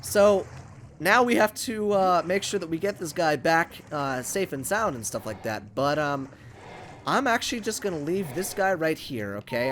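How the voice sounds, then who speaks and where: Young male gaming host, rambling and excitable, close USB condenser mic, quite animated, slightly high voice. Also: moderate pace, slight background noise. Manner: excitable, rambling, talks to viewers and to the creature. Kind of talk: casual gameplay commentary. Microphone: USB condenser microphone.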